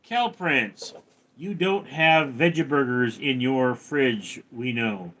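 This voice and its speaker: A man's voice: medium pitch, slow pace, fairly bright tone. A man hosting a casual livestream, reading viewer comments aloud and answering with jokes. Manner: jokey, answers chat in put-on voices. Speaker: livestream host.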